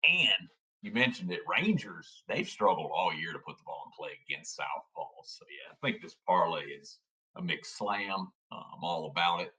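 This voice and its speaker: Brief: male betting co-host, very low voice with a bright, forceful edge, folksy and easygoing. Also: animated, moderate pace. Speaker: sports betting podcast co-host. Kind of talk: casual sports betting chat.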